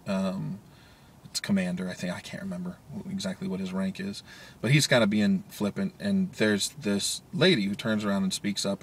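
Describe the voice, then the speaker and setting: A man's voice: low voice, slight background noise. A man talking casually in a daily video blog, rambling with many fillers and chuckling often. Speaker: vlogger. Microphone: handheld media player camera.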